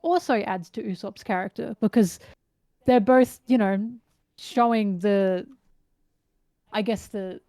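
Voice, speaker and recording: A woman talks in a casual podcast chat, eagerly breaking down scenes and characters. Her voice sits in a middle pitch. The sound is close and dry, with no room around it. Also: slow pace, pauses often, no echo. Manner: animated, analytical, retells scenes. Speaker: guest.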